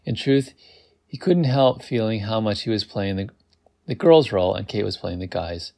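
A man's voice: fairly low pitch, lively intonation, moderate pace, vocal fry, dark tone. A man reading a novel aloud, amused, who stops to comment on the text. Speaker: reader.

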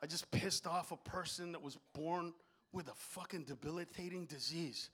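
A man doing a stand-up comedy routine on stage into a handheld mic, profane and swinging between shouted bursts and low, confiding stretches. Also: moderate pace, husky.

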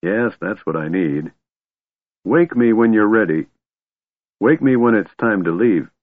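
A man voicing a gruff, fond old male dwarf warrior whose strength is fading, in a storybook reading. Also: lowish voice, lively intonation, measured pace, no echo. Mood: weak gentle. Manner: grumbling, affectionate. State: weak, fading. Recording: dry thin phone-like audio.

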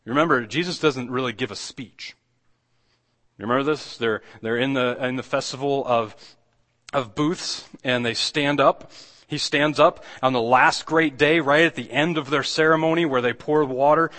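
A pastor preaches in a loose, conversational way, restarting often and acting out the lines he quotes. His medium-pitched voice is a bit bright and moves at a moderate pace, with a big-room sound.

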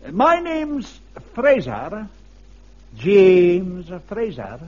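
An actor playing a wily, scheming old Scottish platoon member, teasing with dramatic pauses in a vintage radio comedy. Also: male voice, sits high, wildly swooping pitch, darkish tone, full character voice. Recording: dull lo-fi archive radio recording with faint hiss.

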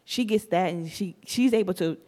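A young woman with a Southern US accent and a slight lisp, chatting casually as a podcast host, animated and laughing often. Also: on the low side, moderate pace. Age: young adult.

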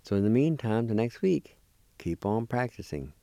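A man gives a radio language lesson, spelling out words letter by letter and repeating syllables with patience. His voice is low, warm and smooth. He talks very slowly, and the studio sound is dry and close. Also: sing-song, no echo. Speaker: language teacher and radio host. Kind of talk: slow spelling and pronunciation lesson.

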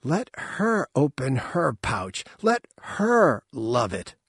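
A man's voice: mid-range voice, very animated, unhurried, slightly rough, no room sound, studio quality, voice pushed up, exaggerated voice. A man reading aloud voicing a harsh, contemptuous female alien elder with a cold, commanding manner.

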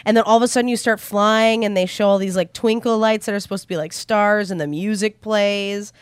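Woman co-host, mid-pitched, giggly and eager, close dry mic. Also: steady tone, brisk, clear, resonant tone, dry recording. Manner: giggly, enthusiastic storyteller. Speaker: podcast co-host. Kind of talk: casual chat.

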